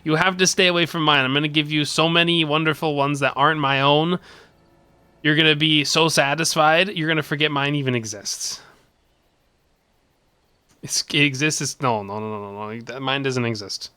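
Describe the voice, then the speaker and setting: A man chatting on a game stream with a bright, forward tone that sits a little high. He rambles playfully, laughs a lot and teases his chat, recorded dry and close with no room sound. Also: fairly even intonation, normal speed, smooth, no echo.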